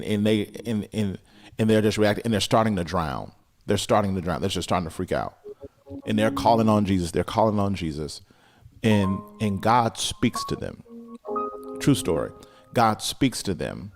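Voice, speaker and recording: Male pastor, low voice, lilt, repetitive building sermon delivery, faint music under him. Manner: preaching with rising intensity and repetition.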